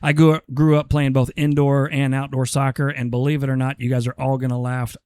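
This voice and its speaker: A man's voice: mid-range voice, level tone, fairly quick, a little mellow, clear, resonant tone, dry recording. A man hosting a casual podcast chat, teasing and putting his guests on the spot. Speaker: podcast host.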